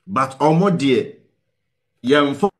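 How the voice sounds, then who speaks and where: Very slow yet lively in intonation, his medium-pitched voice fairly bright, a host with a Ghanaian accent leads a call-in show. He moves between Twi and English, giving sincere, pleading advice and repeatedly asking viewers "What you say?".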